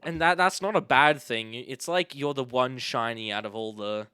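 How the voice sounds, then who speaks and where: A young man from Australia hosting a casual podcast chat, rambling and animated, with the odd swear. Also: mid-range voice, normal speed, clean tone, no echo, clean studio sound. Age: young adult. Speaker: podcast host.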